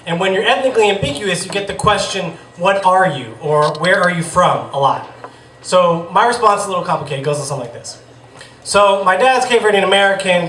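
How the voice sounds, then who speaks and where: A man's voice: fairly high pitch, fairly bright tone. A man in his thirties from the Boston area telling a humorous personal story on stage, wry and self-deprecating. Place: bar stage with a live audience. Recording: echoey room, far from mic, noisy.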